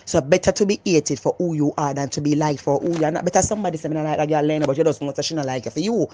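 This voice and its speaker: A woman with a Jamaican accent, talking loudly and animatedly in a casual, opinionated vlog monologue. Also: deep voice, racing, husky. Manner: animated, loud and emphatic. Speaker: vlogger.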